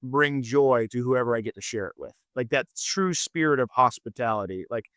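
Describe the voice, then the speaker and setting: A man's voice: mid-range voice, normal speed, fairly bright tone, dry recording. A middle-aged man as a podcast guest, talking in a rambling, earnest way, often searching for words. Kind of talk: casual podcast chat.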